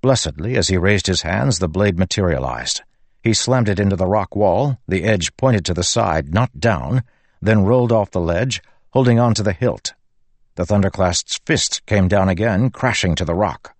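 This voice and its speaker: A man narrating a fantasy novel in a measured, dramatic storytelling manner. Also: sits low, lively intonation, no echo. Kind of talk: audiobook narration of fantasy fiction.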